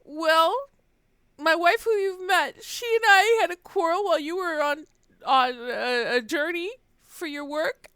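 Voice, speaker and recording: A woman's voice: unhurried, a bit bright, dry recording. A woman voicing a grieving middle-aged man who sobs and whimpers as he tells his story. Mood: sobbing. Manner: whimpering, tearful, high and wavering. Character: grieving middle-aged man sobbing over dead wives.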